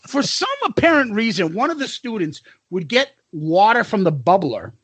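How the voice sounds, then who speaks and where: A middle-aged man co-hosts a podcast in loose, profane chat, breaking into laughter as he tells his stories. His voice sits high and swoops widely, with a husky edge, recorded dry and close. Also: sing-song, normal speed, a bit bright, dry recording. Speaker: podcast co-host. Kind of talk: casual chat, storytelling.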